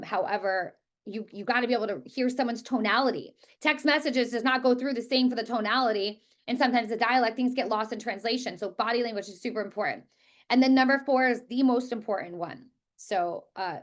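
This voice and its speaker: A woman teaching a real estate class, talking quickly and emphatically and repeating words for stress. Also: medium pitch. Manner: talks quickly. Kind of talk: live class presentation.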